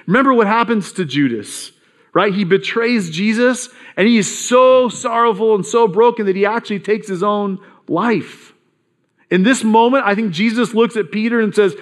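A man's voice: lively intonation, normal speed. A male pastor preaching a sermon, reading scripture aloud and acting out the thoughts of its people. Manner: reads scripture then acts out Peter's thoughts with swings in pitch.

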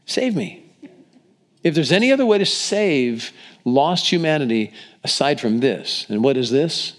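A man's voice: medium pitch, lively intonation, moderate pace. A middle-aged man preaching a sermon in an earnest, conversational way, asking the congregation questions. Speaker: pastor.

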